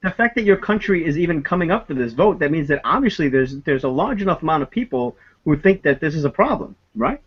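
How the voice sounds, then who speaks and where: Guy talking fast in a heated call debate, lively pitch, muffled audio. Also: slightly rough. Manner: fast, sarcastic, insistent. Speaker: debate guest.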